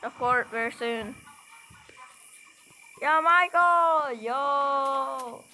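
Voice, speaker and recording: A woman chatting casually with friends while playing a game, excitable and prone to panicked yelps. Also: high-pitched, drawn-out words, slight background noise. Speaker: gamer. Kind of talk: casual gameplay commentary with friends. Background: game music.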